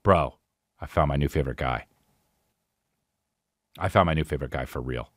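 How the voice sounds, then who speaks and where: A man hosting a podcast, telling a rambling, swearing story in casual chat with animated impressions. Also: extremely low pitch, moderate pace, dry recording, clean studio sound. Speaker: podcast host.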